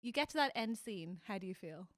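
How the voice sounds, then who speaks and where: A woman co-hosting a casual comedy podcast, talking with animated emotion. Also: mid-range voice, a little fast, no echo, studio quality. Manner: animated, emotional, acts out characters' lines. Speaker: podcast co-host.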